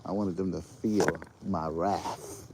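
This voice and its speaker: Low-voiced man telling stories, swearing freely. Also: slow, heavy background noise. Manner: animated storyteller, swears freely, laughs often. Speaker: podcast host. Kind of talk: casual late-night chat.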